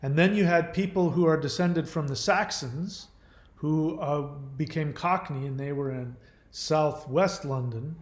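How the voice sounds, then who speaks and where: A man's voice: on the high side, unhurried. Rambling male host in an echoey room. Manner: rambling, trivia-filled, with many fillers and self-corrections. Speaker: channel host. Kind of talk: casual live-stream chat.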